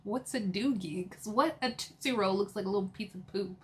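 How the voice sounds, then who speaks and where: A woman hosts a casual recap of a reality TV episode. She talks in a chatty, giggly way, with plenty of fillers and playful asides to her viewers. Her pitch sits in an ordinary middle range. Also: fairly quick, slight background noise.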